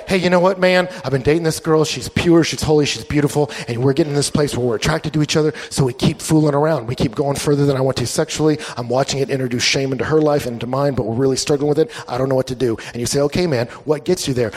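A man preaching a sermon, telling stories and acting out both sides of the conversations with lively energy. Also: mid-range voice, quick pace. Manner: animated storytelling preacher, acts out dialogue. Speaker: pastor. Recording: long hall reverb.

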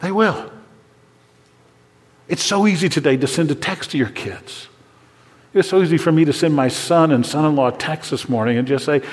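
An older man preaching a sermon to fathers, earnest and dropping to a hushed voice when praying. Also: on the high side, big-room sound. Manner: earnest, drops to a hushed voice for prayers. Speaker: pastor.

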